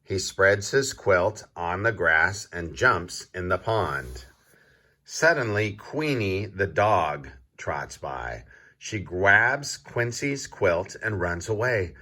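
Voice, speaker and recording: A man reading a picture book aloud to young children, slow and deliberate, pausing to quiz his listeners. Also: sits low, very animated, bright, forceful tone. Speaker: children's story reader. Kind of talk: read-aloud storybook for kids.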